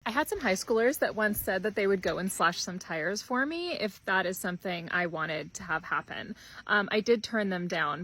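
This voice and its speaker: A woman's voice: medium pitch, a bit bright. Casting note: woman in her thirties, confiding comic storyteller. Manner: chatty, confiding anecdotes with acted quotes. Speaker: comedian and teacher. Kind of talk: comedic storytelling.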